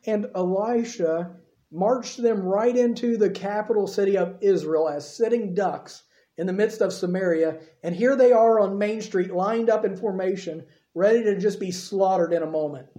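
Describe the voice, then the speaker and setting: A man preaching a sermon, telling the story in an animated way and acting out the quotes himself. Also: sits high, moderate pace, reverberant. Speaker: pastor.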